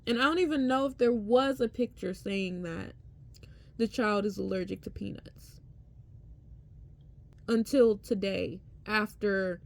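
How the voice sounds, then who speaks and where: A woman's voice: mid-range voice, unhurried, gravelly, long pauses. A woman who works as a teaching assistant, retelling a school incident in a casual storytime vlog and acting out what others said.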